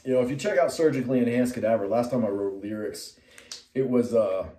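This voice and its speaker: A man's voice: medium pitch, brisk, dark tone. Middle-aged man rambling in a roomy space. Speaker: metal musician and artist. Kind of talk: rambling personal storytelling to camera. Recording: roomy sound from a distant mic.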